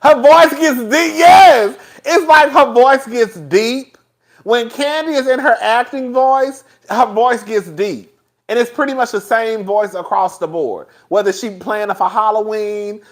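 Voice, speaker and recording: A man hosting a casual talk stream, animated and sassy, laughing often as he chats. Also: high voice, a little slow. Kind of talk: casual commentary chat.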